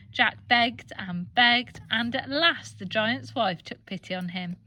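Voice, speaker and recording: An English woman teacher reading a children's storybook aloud with expressive, animated delivery. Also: fairly high pitch, slow pace, hardly any pauses.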